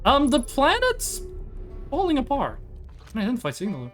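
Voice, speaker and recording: A live streamer commenting on a space exploration game, thinking out loud and swearing when startled. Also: high-pitched, huge pitch swings, normal speed, pauses often, faint music behind.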